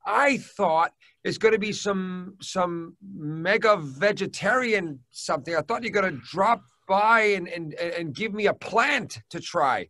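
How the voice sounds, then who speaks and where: A man's voice: high voice, animated, unhurried, sharp tone. A man, a comedian guest, teasing and bantering in a casual joking chat.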